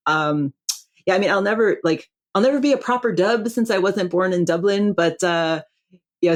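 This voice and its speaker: American woman, middle-aged, lowish voice, laughs a lot, restarts often, video call. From Buffalo, New York, USA. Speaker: podcast guest. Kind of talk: casual interview chat.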